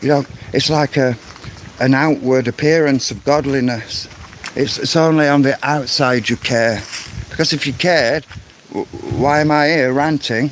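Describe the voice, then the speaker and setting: A man's voice: mid-range voice, steady tone, measured pace, a little hiss or hum. A man giving an angry, insistent vlog rant, often repeating words as he goes. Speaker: vlogger. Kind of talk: ranting vlog monologue.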